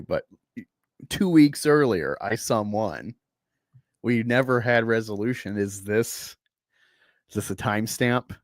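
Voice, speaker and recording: A man casually reviewing a comic book, animated and rambling, laughing often. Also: lowish voice, dry recording, studio quality.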